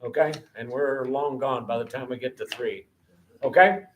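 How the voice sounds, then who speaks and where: A man directing a choir rehearsal, counting in, giving brisk notes and singing phrases to demonstrate. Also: mid-range voice, highs cut off. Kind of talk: rehearsal coaching. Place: rehearsal room with a choir and piano. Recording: loud piano and choir behind. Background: choir singing with piano.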